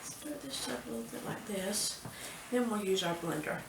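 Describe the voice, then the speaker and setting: A woman, chatty and unhurried, leading a casual home cooking tutorial in her kitchen. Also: mid-range voice, creaky, far from the mic, background noise. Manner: chatty, unhurried, says "y'all". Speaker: home cooking show host. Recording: echoey kitchen, mic set back.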